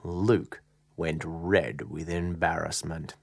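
Slow, whispery woman storyteller. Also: rumbling low, steady tone, creaky, no room sound, studio quality. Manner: slow, dramatic pauses, drops to a whisper. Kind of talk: children's story narration. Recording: soft guitar music behind.

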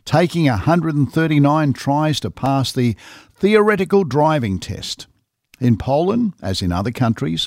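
A man's voice: on the high side, no room sound, studio quality. Wry, chatty radio host man. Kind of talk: casual radio chat.

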